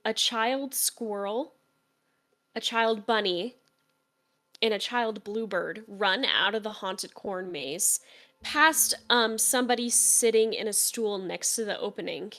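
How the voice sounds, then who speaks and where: A woman's voice: mid-range voice, slow, fairly bright tone. A woman narrating a tabletop game as game master in a casual, chatty way. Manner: casual, chatty, with fillers and laughs.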